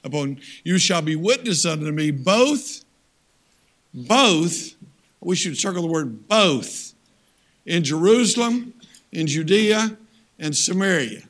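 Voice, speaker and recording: Older male guest preacher, higher voice, folksy, keeps asking the crowd for amens. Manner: animated, folksy storytelling with audience call-outs. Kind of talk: sermon.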